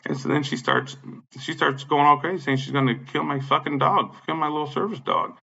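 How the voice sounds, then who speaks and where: A man's voice: fairly high pitch, very animated, a little fast, creaky, pushed and bright, breathy edge. A man in an angry, profane rant, agitated, repeating himself and swearing constantly. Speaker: vlogger. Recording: dull lo-fi sound.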